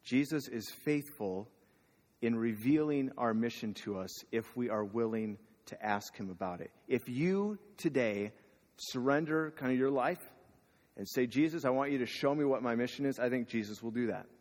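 A man's voice: mid-range voice, normal speed, a little mellow. A man preaching a sermon in a casual, conversational way, asking the listeners questions. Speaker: pastor. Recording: long reverb of a hall.

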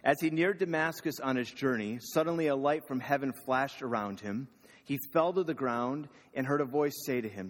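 Speaking at normal speed in a mid-range voice, a man delivers a relaxed, conversational sermon and poses questions to the congregation. He's a pastor, and the recording echoes with a hall's long reverb.

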